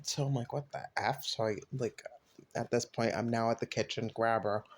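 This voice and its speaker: A man recounting a personal event in a loose, conversational way. His voice sits in an ordinary middle register. When he quotes others, he lifts his pitch and energy. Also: moderate pace. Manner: animated retelling, voices quotes with rising pitch. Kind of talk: casual storytelling.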